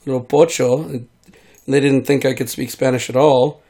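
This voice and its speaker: Speaking at a moderate pace, an American vlogger who is sick drifts from thought to thought in a casual monologue, trailing off and filling pauses with ums. His steady middle-pitched voice is gravelly and creaky, and he has trouble controlling it.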